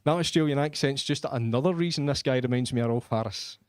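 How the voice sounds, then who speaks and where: A man's voice: mid-range voice, quick pace, smooth, no echo, studio quality. A man doing crude, self-mocking live stand-up comedy in a comedy club.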